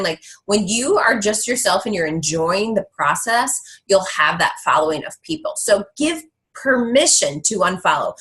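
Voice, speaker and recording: Blunt, animated woman giving a pep talk. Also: medium pitch, moderate pace, rough recording. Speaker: guest speaker on a team call. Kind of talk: motivational talk.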